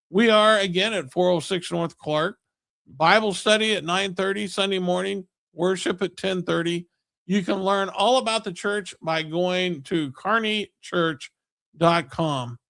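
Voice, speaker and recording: A man's voice: high voice, vocal fry, a bit bright, dry recording. A man preaching a recorded Bible lesson, emphatic and asking rhetorical questions. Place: Kearney, Missouri area church.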